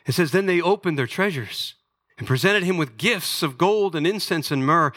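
An American man, a pastor, preaching a sermon in a church sanctuary, emphatic and building to near-shouts at his peaks. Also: on the high side, expressive, normal speed. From United States.

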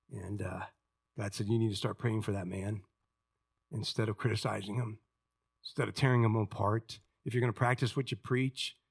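A man's voice: fairly low pitch, husky. An older man, a pastor, preaching a sermon in a conversational storytelling way, with frequent restarts. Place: church.

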